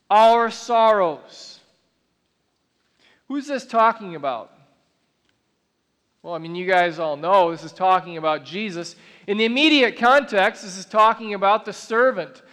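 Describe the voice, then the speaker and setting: Delivering an earnest sermon, the pastor's rather high voice has a slightly bright tone, and he builds toward slow, weighty, stretched-out statements for emphasis. The sound rings with long reverb, like a big church auditorium.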